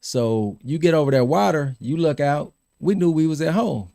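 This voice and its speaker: A middle-aged man hosting a podcast, telling lively stories about his college team, laughing and repeating himself as he goes. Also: a little high, normal speed, vocal fry, no room sound, studio quality. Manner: animated storyteller, laughs and repeats words. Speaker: podcast host. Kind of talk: casual storytelling chat.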